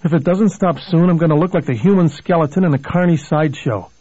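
Haunted desperate lawyer, read by a man, husky, mellow, storybook telling. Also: on the high side, quick pace, no echo, lo-fi sound, pitched above the performer's own voice. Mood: urgent, pleading.

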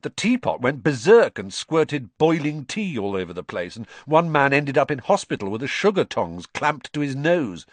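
A man's voice: mid-range voice, sing-song, normal speed, hardly any pauses, dry recording, voice pushed up. A man doing a chatty teen boy wizard. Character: gangly teenage boy wizard, chatty youngest son.

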